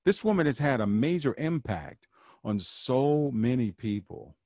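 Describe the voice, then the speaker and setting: A man's voice: medium pitch, big pitch swings, a little slow, darkish tone, no echo, studio quality. A man hosting a podcast, talking alone with an earnest, preachy manner and repeating phrases for emphasis. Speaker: podcast host. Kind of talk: solo podcast monologue.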